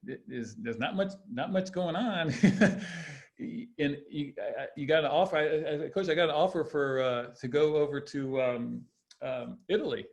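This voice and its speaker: A man's voice: a little high, normal speed, gravelly. A man in his fifties, a former basketball player, telling stories on a podcast in a rambling way, with many restarts and laughs. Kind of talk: casual storytelling interview.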